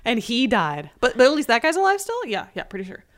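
A woman's voice: fairly high pitch, huge pitch swings, fast. A woman co-hosting a podcast, chatting wryly and reading a news item aloud. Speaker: podcast co-host. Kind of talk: casual podcast banter. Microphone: podcast microphone.

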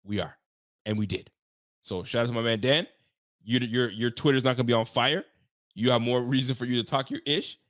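A man's voice: medium pitch, brisk, a bit bright, no echo, studio quality. A man from Canada who grew up speaking French and Creole, hosting a post-game show in a hyped, joking, trash-talking way. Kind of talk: casual sports talk stream.

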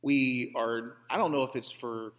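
A man's voice: medium pitch, steady tone, unhurried. A man co-hosting a comedic banter show, telling stories in a playfully pompous, mock-grand manner. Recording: long hall reverb.

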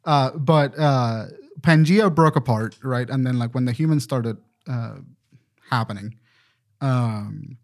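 Rambling casual podcast host. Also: male voice, mid-range voice, slow. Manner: rambling, profane, self-correcting. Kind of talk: casual chat.

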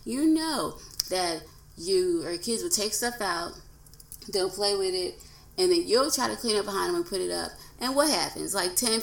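A woman in her thirties talks through her solo podcast in a casual, earnest way. Her voice sits on the low side with a gravelly edge. The room around her mic is echoey. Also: fairly bright tone. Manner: earnest and conversational, acts out quoted voices. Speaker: podcast host.

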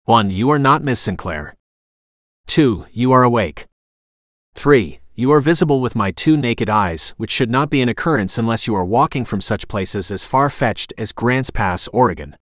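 A man doing a calm, menacing stranger. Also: medium pitch, moderate pace, dry recording, clean studio sound, natural voice. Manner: formal, oddly worded, calmly menacing. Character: confident eerie man with odd broken phrasing.

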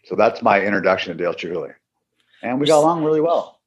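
A man's voice: fairly low pitch, quick pace, husky. A man, a podcast guest, telling a long casual anecdote and acting out the people in it. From Seattle area. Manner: animated anecdote, acts out quoted voices. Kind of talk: casual storytelling. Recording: dull lo-fi sound.

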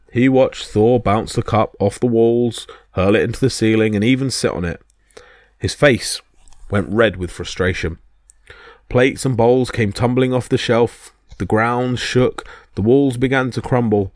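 A man narrating mythology stories as a podcast storyteller, in a steady dramatic reading. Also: fairly low pitch, a little slow, no room sound, clean studio sound.

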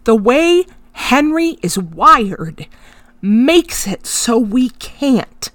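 Woman podcast host, middle-aged, slow unhurried storytelling, candid and emotional, dry close sound. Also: fairly high pitch, sing-song, a bit bright, no room sound. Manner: candid, emotional, swears freely. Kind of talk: personal storytelling monologue.

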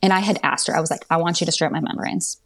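Chatty young woman with a low voice. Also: racing. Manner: chatty, many fillers, quotes others in lively voices. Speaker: podcast guest. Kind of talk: telling her birth story.

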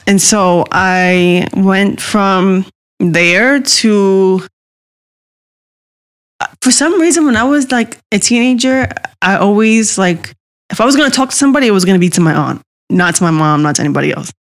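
A woman speaks at an ordinary middle pitch, telling her own story with candor. She is insistent and repeats phrases as she explains herself in a casual conversation. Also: expressive, moderate pace. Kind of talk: personal storytelling.

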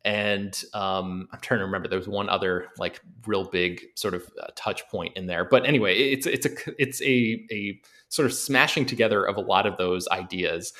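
A man from the United States with a fairly low voice, talking casually on a podcast. He rambles and hesitates, circling back to restart his sentences as he goes. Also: normal speed, a bit bright. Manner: rambling, hesitant, trails through many restarts. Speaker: podcast co-host.

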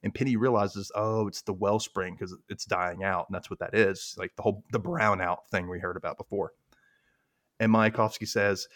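A man's voice: lowish voice, fairly even intonation, normal speed, a bit bright. A man co-hosting a podcast, casually recapping a TV episode and acting out the characters' lines in put-on voices. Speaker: podcast co-host.

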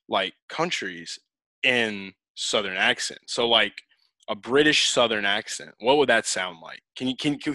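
A man hosting a podcast in casual chat, teasing his guest playfully, with many quick restarts. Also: mid-range voice, pushed and bright, no room sound. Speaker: podcast host.

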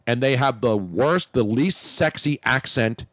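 A man's voice: medium pitch, lively intonation, measured pace, a bit bright, dry recording, studio quality. A man hosting a radio talk show, bantering and joking in casual chat.

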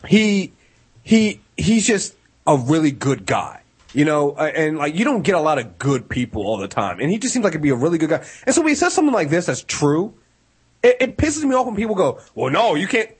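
Husky high-voiced guy on a podcast, voice jumps around a lot, rambly, swears, keeps restarting. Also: sing-song. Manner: rambling, halting restarts, profane. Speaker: podcast co-host. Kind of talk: casual chat.

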